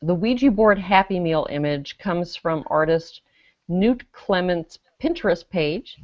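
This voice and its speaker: A woman's voice: fairly low pitch, expressive, a little slow, dry recording. A woman on a casual web panel show, presenting a news story with dry sarcasm as she reads comments aloud. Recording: dry, dull lo-fi video call audio.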